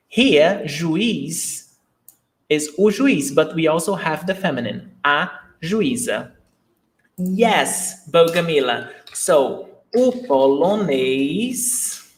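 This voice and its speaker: Slow, patient Brazilian teacher man. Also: a little high. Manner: patient, encouraging explanations. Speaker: Portuguese teacher. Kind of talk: online language lesson.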